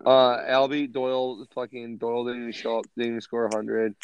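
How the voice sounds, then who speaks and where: A man co-hosting a casual podcast, profane and animated as he tells stories. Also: medium pitch, a little fast, slight background noise. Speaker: podcast co-host. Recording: dull lo-fi sound.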